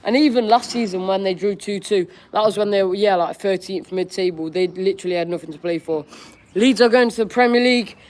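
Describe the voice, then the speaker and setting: On his live-stream Q&A, a young man who streams about football reads out questions from viewers and responds frankly and conversationally with relaxed slang. His voice is high-pitched and he talks fairly quickly.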